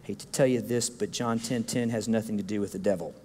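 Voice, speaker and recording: A man preaching a sermon as a guest speaker in a church. He is animated and joking, and he acts out the complaints of his listeners. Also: on the low side, brisk, noisy background. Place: church sanctuary. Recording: reverberant church hall.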